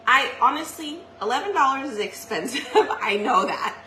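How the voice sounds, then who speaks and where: A woman's voice: high-pitched, lively intonation, moderate pace, pushed and bright. Chatty young woman crafting live, roomy sound. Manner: chatty, giggly, talks to viewers while crafting. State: pregnant and out of breath at times. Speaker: crafting live stream host. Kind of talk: casual live stream chat. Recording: echoey room, faint noise.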